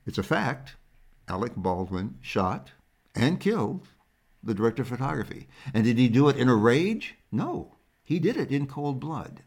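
A man's voice: mid-range voice, sing-song, normal speed, a little mellow. A man co-hosting a casual commentary chat, speaking in an emphatic, lecturing way.

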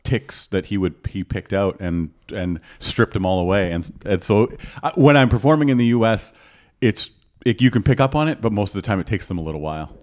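A Canadian stand-up comedian with a Canadian accent, chatting on a podcast as an animated storyteller who often restarts his sentences. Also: lowish voice, fairly quick. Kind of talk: casual podcast chat.

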